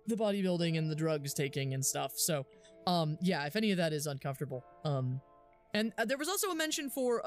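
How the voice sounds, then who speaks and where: A young woman streaming a game, chatting casually and giggling often while she thinks aloud with lots of fillers. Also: lowish voice. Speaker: livestreamer. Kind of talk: casual live gameplay commentary.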